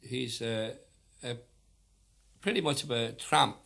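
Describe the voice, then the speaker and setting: Dublin man, chatty and wry, very slow delivery, bright clear tone; old archival record. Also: medium pitch. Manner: chatty and wry, with hesitant fillers. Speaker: singer. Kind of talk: spoken introductions between unaccompanied ballads.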